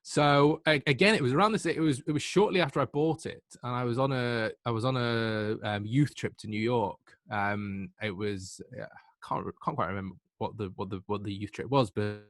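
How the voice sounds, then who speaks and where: A man in his twenties with a Mancunian accent, a podcast guest telling stories in a lively, self-deprecating way. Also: medium pitch, normal speed, no room sound, studio quality. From Manchester, England. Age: 20s. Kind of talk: casual anecdotal storytelling.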